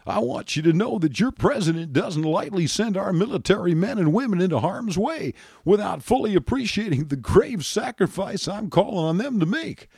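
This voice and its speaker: Guy impersonating a president sweet-talking someone on the phone, soft, breathy, a bit high. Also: animated, normal speed, no echo, studio quality, exaggerated voice. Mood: coaxing. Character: smooth-talking male president pleading on the phone.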